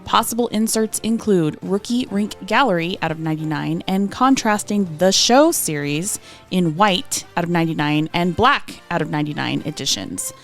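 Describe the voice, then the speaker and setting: A woman's voice: lowish voice, animated, moderate pace, soft background music. Woman reading card set details. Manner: reads details, then adds dry asides. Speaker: podcast co-host. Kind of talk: reading card release notes on a podcast.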